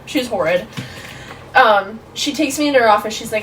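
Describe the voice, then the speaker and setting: Animated young woman telling a story. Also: on the high side, fast, far from the mic, a little hiss or hum, low-quality recording. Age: 20s. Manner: animated, lots of fillers like "like". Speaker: podcast guest. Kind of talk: casual storytelling.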